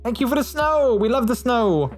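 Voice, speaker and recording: Over faint background music, a man streams casually, reading viewer messages and chatting in a friendly way full of fillers and restarts. His very high-pitched voice has a sing-song quality at normal speed.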